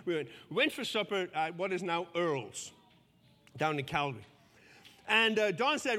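A man's voice: a little high, expressive, normal speed, bright, forceful tone. A man in his fifties preaching a sermon, telling stories with self-deprecating humor. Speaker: pastor. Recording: long church-hall reverb.

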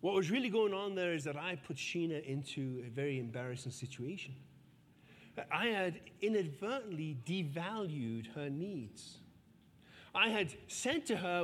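A man's voice: on the high side, expressive, moderate pace, fairly bright tone, a little hiss or hum. A man in his fifties preaching a sermon, telling stories with self-deprecating humor. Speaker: pastor. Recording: long church-hall reverb.

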